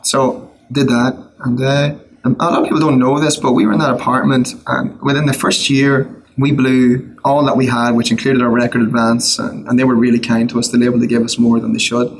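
Gravelly Irish man telling his story. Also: mid-range voice, level tone, a little hiss or hum, rough recording. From Ireland. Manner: earnest storyteller, quick asides and restarts. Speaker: guest, worship songwriter. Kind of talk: personal testimony in a casual interview.

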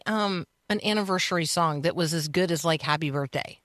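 A woman's voice: on the low side, fairly quick, fairly bright tone, dry recording, clean studio sound. A woman hosting a morning radio talk show, chatting casually and thinking aloud with fillers.

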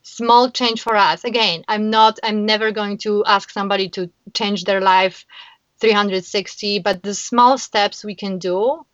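A woman's voice: medium pitch, steady tone, a little slow, a bit bright, no room sound, muffled recording. A woman guest in a casual interview, talking earnestly and emotionally, often restarting her sentences. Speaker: guest, founder of a kindness platform.

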